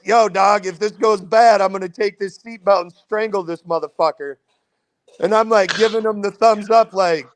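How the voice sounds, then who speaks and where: A fairly high-voiced man with a Midwestern American accent spins a rowdy story for his podcast buddies. He swears freely and acts out every character's lines, jumping his voice up and down as he goes. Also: vocal fry, no room sound. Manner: animated, profane, acts out quotes with big pitch jumps. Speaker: podcast host telling a story. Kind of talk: casual storytelling among friends.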